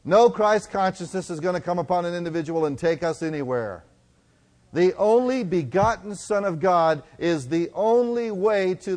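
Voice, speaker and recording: A middle-aged man preaching a sermon, telling stories and swinging from loud to hushed. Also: sits high. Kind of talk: sermon storytelling.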